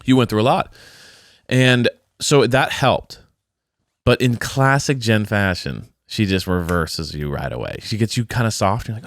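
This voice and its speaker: A man's voice: lowish voice, measured pace, no room sound. A man co-hosting a podcast, chatting casually through a reality-TV recap and slipping into exaggerated mock voices. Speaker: podcast co-host.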